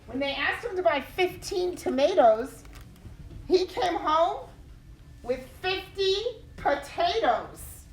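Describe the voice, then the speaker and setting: Female teacher, class read-aloud, high bright voice, unhurried and expressive.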